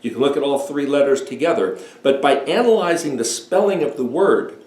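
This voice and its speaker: A man in his sixties giving a deliberate, emphatic talk explaining Hebrew words as a home Bible teacher. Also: medium pitch, expressive, darkish tone. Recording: echoey room.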